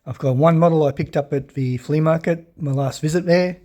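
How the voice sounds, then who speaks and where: A middle-aged Australian man with a croaky voice, rambling in a casual collector's vlog, clearing his throat often. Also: fairly high pitch, fairly quick, dark tone. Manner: rambling, friendly, many ums and uhs, throat clearing. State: hoarse, croaky from illness. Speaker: diecast collector vlogger. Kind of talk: casual show-and-tell vlog.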